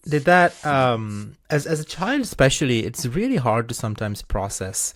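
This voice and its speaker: A man's voice: medium pitch, very animated, moderate pace, crowd noise. A man co-hosting a podcast, asking questions in a curious, hesitant way. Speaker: podcast co-host. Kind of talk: podcast interview.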